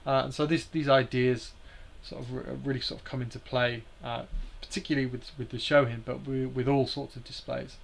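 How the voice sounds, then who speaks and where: A man's voice: medium pitch, level tone, a little fast, vocal fry, few pauses. A man hosting a live stream, explaining slides in a hesitant way with many fillers and restarts.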